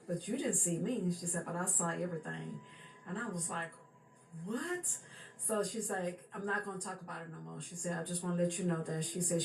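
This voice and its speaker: In a fairly low, creaky voice, a woman tells a personal story casually and chattily. She keeps circling back with "she said" and "for real," and the room is echoey with faint background noise.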